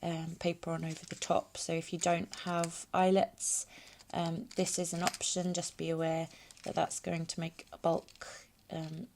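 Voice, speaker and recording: Woman showing a craft project, low voice, unhurried, gravelly edge, hesitant with ums. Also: level tone, darkish tone, slight background noise. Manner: hesitant, many ums while working. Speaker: craft tutorial host. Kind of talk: hands-on craft demonstration. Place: home craft space.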